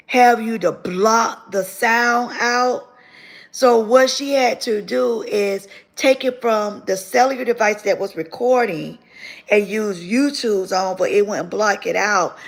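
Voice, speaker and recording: A woman tells her own story to her viewers. Her voice sits slightly high, with a gravelly edge. She speaks with animated, repeating emphasis. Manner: animated storytelling, repeats phrases, grows tearful. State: tearful near the end. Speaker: channel host telling her story. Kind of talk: emotional testimony to viewers.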